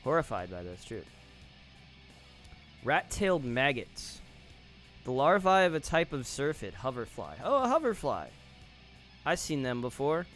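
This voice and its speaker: A man's voice: mid-range voice, sing-song, unhurried, pauses often, a bit bright. A man streaming, reading online posts aloud and reacting with casual, offhand commentary. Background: faint guitar music.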